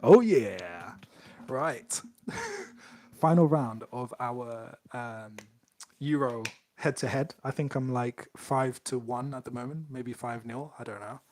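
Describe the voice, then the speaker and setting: A man's voice: medium pitch, sing-song, takes it slowly. A man co-hosting a podcast, chatting casually and playfully reading out quiz questions. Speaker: podcast co-host, quizmaster. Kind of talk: casual chat.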